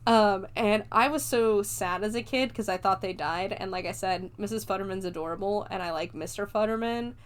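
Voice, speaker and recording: On her own podcast, a chatty woman reviews a movie by walking through it scene by scene in loose, everyday language, laughing a lot and dropping casual swears. Her pitch stays in an ordinary middle range, and she speaks at a moderate pace with few pauses.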